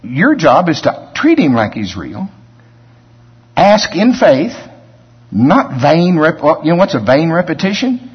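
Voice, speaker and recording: A man's voice: on the high side, huge pitch swings, unhurried, husky. A man preaching a sermon in a conversational, storytelling way, with asides to his listeners. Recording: dull lo-fi sermon recording.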